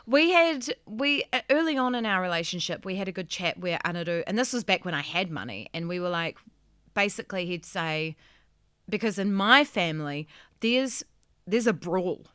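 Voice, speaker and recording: Bright New Zealand woman co-host. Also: on the low side, expressive, normal speed, clean tone, no room sound, studio quality. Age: 30s. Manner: bright, agreeable, many short yeahs. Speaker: podcast co-host. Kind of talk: casual chat.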